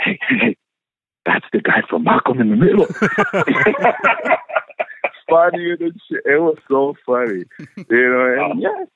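A man telling stories as an actor guest in a casual interview, animated and profane, laughing often. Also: mid-range voice, no echo, narrow, tinny audio.

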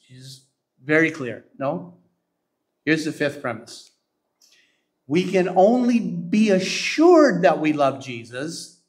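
A pastor from Canada delivers a sermon in a slightly high male voice. He works through his points with emphasis and keeps asking the listeners if they agree. He slows down deliberately when he quotes scripture. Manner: emphatic, asks the congregation to agree.

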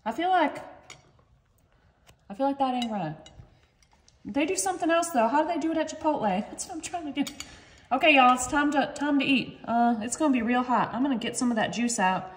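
A woman's voice: high-pitched, expressive, a little fast, long pauses. A woman chatting playfully through a home cooking demonstration, talking to viewers as y'all. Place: home kitchen. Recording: echoey kitchen with faint noise.

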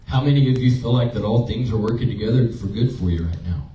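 A pastor preaches a conversational sermon in a church sanctuary, sharing personal stories with emotion and asking the congregation questions. His mid-range voice is warm and he talks fast. The recording is roomy, distant, and dull.

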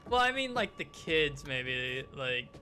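A young man cracking dark jokes with friends while playing a game. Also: mid-range voice, sing-song, slow pace, over loud music. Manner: joking, darkly playful. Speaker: co-player.

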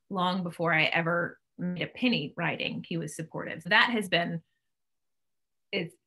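Animated woman telling stories on a video call. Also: lowish voice. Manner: animated storyteller, clears throat often. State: allergies. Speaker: author guest. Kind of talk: casual chat.

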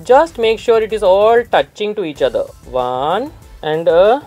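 A man's voice: sits high, sing-song, a little slow, darkish tone, voice pushed up. A man doing a chatty male makeup teacher with a thick, exaggerated regional Indian accent. He talks through each brushstroke in a playful, step-by-step way and leans on "we are doing, we are putting" phrasing. A light music bed sits underneath. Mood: playful teaching. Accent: regional Indian, put on. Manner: playful, with step-by-step instructions and heavy use of "we are ...-ing" phrasing. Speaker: makeup artist. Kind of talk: face-painting tutorial.

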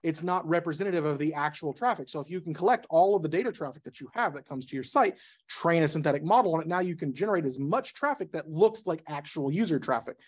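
Male presenter, brisk and slightly high, casual and jokey, keeps restarting sentences. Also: lively intonation, breathy edge. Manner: rapid, self-interrupting, jokey asides. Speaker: conference speaker. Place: meetup presentation room.

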